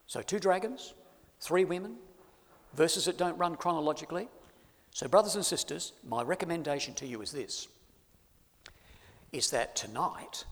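A man preaching a sermon to his congregation, swinging from loud emphasis to hushed asides. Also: on the high side. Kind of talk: sermon on Bible prophecy. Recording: long hall reverb.

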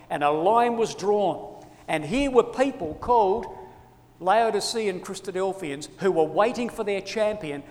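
A man preaching a sermon with passion, his delivery sweeping from loud appeals to hushed, quiet lines. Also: sits high. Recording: long hall reverb.

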